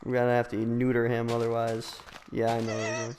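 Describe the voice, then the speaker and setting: A man's voice: medium pitch, completely flat delivery, moderate pace, in a large hall, background noise. A young man hosting a gaming session, teasing a friend with crude jokes and frequent laughter. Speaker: gaming channel host. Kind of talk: casual gaming banter.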